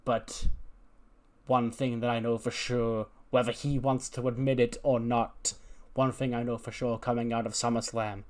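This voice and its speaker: A brooding, boastful wrestler, as a man puts him on for a game playthrough. He speaks in a steady, self-assured promo voice at a middling pitch, calmly insisting on his own toughness. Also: natural voice. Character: intense, boastful male wrestler cutting a promo.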